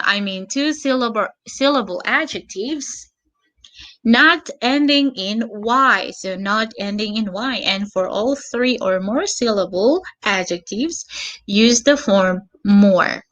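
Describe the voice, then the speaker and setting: A woman gives an online English grammar lesson at a very slow, patient pace, repeating key words and spelling out endings letter by letter. Her voice is bright and clear. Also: fairly high pitch. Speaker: English teacher.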